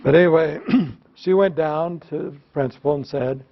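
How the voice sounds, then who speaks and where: Speaking at a normal speed in a fairly high voice, a man runs a teachers' workshop built on storytelling and audience call-and-response. He shares self-deprecating, humorous stories from the classroom and gets the crowd to echo phrases, all on slightly dull lo-fi audio.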